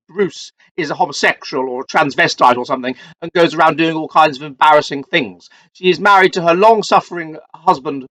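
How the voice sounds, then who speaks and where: Rambling Englishman, higher voice, dry sound. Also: fairly bright tone, no room sound, rough recording. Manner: rambling, with frequent fillers and restarts. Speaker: host. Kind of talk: solo commentary livestream.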